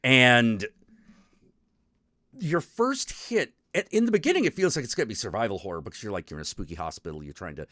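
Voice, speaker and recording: A man's voice: mid-range voice, brisk, no room sound, studio quality. A man hosting a stream show, casually retelling a video game with lots of swearing. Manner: animated storytelling, frequent swearing and restarts.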